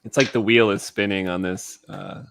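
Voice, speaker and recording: A man's voice: lowish voice, steady tone, normal speed, gravelly, very noisy. A man hosting a casual drawing stream, easygoing and teasing as he chats with his co-host.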